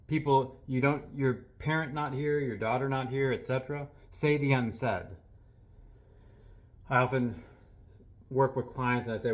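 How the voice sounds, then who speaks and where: Male healing practitioner, soft-spoken and earnest, reflective talk to camera, mid-range voice. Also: mid-range voice, a little slow, long pauses. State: a little teary.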